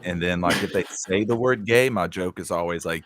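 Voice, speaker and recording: A man's voice: deep voice, normal speed, a bit bright. A man co-hosting a podcast, chatting casually and rambling through stories with lots of fillers. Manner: rambling, laid-back storytelling with many fillers. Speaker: podcast co-host. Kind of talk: casual chat.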